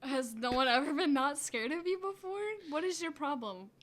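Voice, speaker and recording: High bouncy podcast lady dishing out deadpan insults. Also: normal speed. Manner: teasing, deadpan insults with giggles. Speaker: podcast co-host. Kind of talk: casual chat, bantering with a chatbot.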